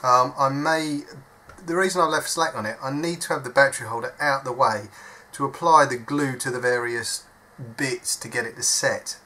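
Bloke explaining his soldering step by step, bright voice, casual and jokey. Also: medium pitch, normal speed. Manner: chatty, self-deprecating, thinks aloud while working. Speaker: hobby electronics modder. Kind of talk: casual step-by-step workbench demonstration. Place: at a workbench indoors.

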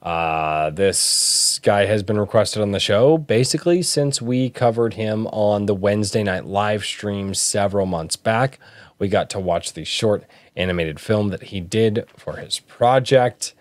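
A man's voice: on the low side, measured pace, dry recording. A man hosting a podcast, rambling and joking at himself in casual chat. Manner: rambling, self-deprecating, jokey. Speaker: podcast host.

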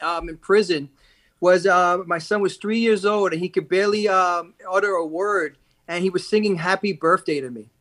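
A man's voice: high-pitched, normal speed, a bit bright. A man on a podcast as a guest, telling blunt, profane stories in casual chat. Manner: profane, blunt, emphatic storytelling.

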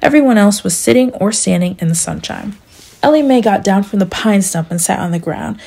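A young woman reads a novel aloud for an amateur audiobook, plain and steady. Her voice is dark, husky and gravelly. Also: mid-range voice, a little fast. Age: young adult. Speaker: audiobook reader.

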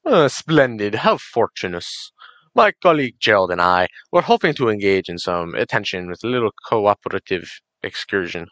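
A man's voice: on the low side, sing-song, moderate pace, a bit bright, no room sound, highs cut off. A young man voicing a formal, posh British male race car in a mock British accent with stilted upper-class diction. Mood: haughty.

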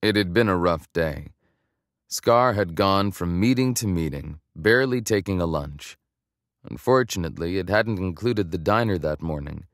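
A man reading a romance audiobook in a measured, even storytelling manner. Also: low voice, no echo, clean studio sound. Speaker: audiobook narrator. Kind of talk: scripted romance narration.

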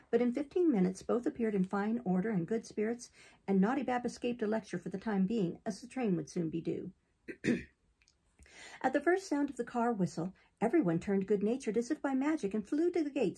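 A woman reading a classic novel aloud in a steady, unhurried way. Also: medium pitch, creaky, slightly rough. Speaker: audiobook reader.

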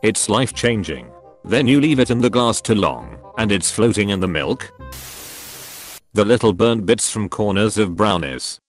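Male narrator, low and animated, reads forum posts as scripted narration, faint music under. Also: moderate pace. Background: faint background music.

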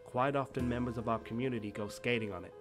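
A man's voice: mid-range voice, steady tone, quick pace, lightly acted. A man voicing a polite, reserved young hero who narrates a story game in mild, formal phrasing. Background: game music.

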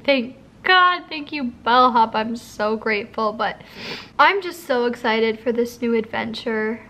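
A woman's voice: on the high side, a bit bright. A woman in her twenties giving a casual vlog tour of her apartment, emotional and crying as she talks. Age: 20s. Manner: emotional, tearful and grateful. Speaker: vlogger. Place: apartment, indoors.

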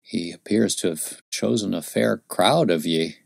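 A man's voice: sits low, a little slow, gravelly, husky, no room sound, studio quality, exaggerated voice. A man voicing a weary, gaunt frontiersman in an audiobook, using folksy backcountry speech. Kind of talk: audiobook character voice.

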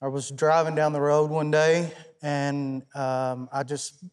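A young man with an East Tennessee accent, a musician guest on a talk show, telling his story softly with many pauses and ums. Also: fairly high pitch, flat delivery, clean tone. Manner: soft-spoken and halting, many ums.

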